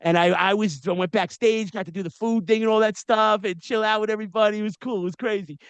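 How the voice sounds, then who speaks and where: A man's voice: high-pitched, steady tone, quick pace, a bit bright, clean tone, no echo. A man in his forties hosting a podcast interview, telling long stories in casual slang with many asides. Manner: storytelling with frequent slang and asides. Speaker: podcast host.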